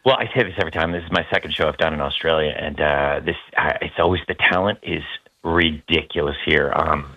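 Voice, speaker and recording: A man's voice: extremely low pitch, fairly even intonation, fast, pushed and bright, dull audio. An American man chatting as a guest on a radio show, loose and self-deprecating, with many fillers. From United States. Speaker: guest actor. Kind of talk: casual radio interview.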